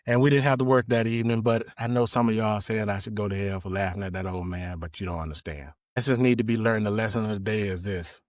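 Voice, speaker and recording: A man's voice: fairly low pitch, quick pace, few pauses, dry recording, clean studio sound. A man from Georgia with a Southern accent, telling a funny story in a casual, folksy way, laughing and cussing freely. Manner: animated, laughing, profane, folksy. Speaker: storyteller, podcast host.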